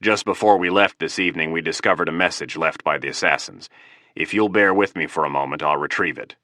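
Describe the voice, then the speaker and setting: A man voicing a composed male FBI agent who speaks in an even tone. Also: rumbling low, brisk, dry recording, clean studio sound. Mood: calm.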